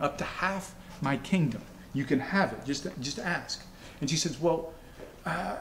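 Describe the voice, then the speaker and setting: A man's voice: medium pitch, echoey room, slight background noise. A man retelling a Bible story for kids in a casual, conversational way, lightly voicing each character in his own voice. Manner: conversational, acts out characters' lines in everyday voice.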